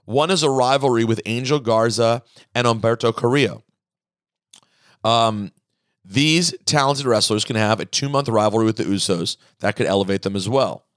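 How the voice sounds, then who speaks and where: A man's voice: medium pitch, moderate pace, no echo, clean studio sound. A man hosting a podcast in casual chat, animatedly reading listener emails aloud. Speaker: podcast host.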